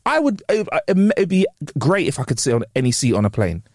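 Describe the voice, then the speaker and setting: A man's voice: medium pitch, sing-song, fairly quick, a little mellow, no room sound, clean studio sound. A young British man co-hosting a casual podcast chat, slangy and full of swearing. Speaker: podcast co-host.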